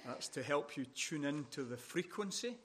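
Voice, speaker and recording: A middle-aged man with a Scottish accent preaching to a women's conference. His voice is bright and forward, and he talks in a deliberate, good-humored way. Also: on the high side, animated, slight background noise. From Scotland. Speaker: visiting pastor.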